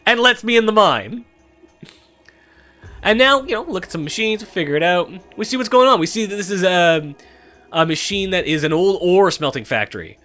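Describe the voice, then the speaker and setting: A young man giving irreverent let's-play commentary, animated and swearing freely. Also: high-pitched, normal speed, faint music behind. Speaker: gameplay commentator.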